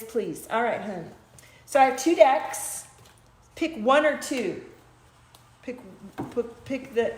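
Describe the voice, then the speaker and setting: A woman's voice: mid-range voice, reverberant, slight background noise. A woman hosting a casual spiritual livestream from her small home studio, pulling oracle cards for viewers, chatting loosely and now and then breaking into chanted light-language syllables.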